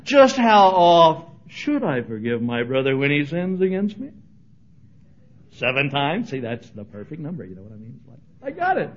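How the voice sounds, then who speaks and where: A man preaching a sermon as pastor, animated and humorous, acting out the voices he quotes. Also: on the high side, normal speed, dull audio.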